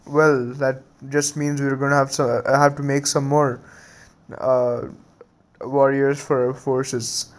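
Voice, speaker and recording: Guy playing a stern old warlord, flat slow delivery, smooth voice. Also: medium pitch, natural voice. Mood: commanding. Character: stern older male warlord, commanding.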